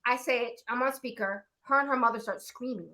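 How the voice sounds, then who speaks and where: A woman author on a panel, telling an animated story, mimicking voices and laughing. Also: fairly high pitch, a little fast.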